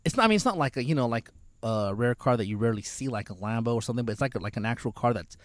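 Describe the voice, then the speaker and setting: A young man on a casual talk show, telling stories in an animated way and acting out the voices of people in them. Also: racing, no echo, studio quality. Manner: animated storyteller, acts out quoted voices in higher pitch. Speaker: co-host. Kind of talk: casual chat.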